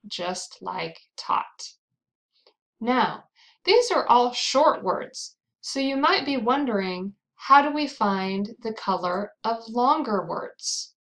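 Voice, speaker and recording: Very slow, deliberate American woman teacher. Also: medium pitch, pushed and bright, low-quality recording. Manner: drills words slowly and repeats them. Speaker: pronunciation teacher. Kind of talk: slow, clearly enunciated teaching.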